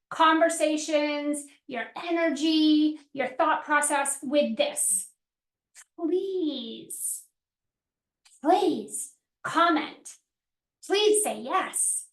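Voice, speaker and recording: A woman's voice: high-pitched, a bit bright. A woman business coach teaching a live workshop, emphatic and repetitive, acting out pleading voices to make her point. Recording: roomy echo.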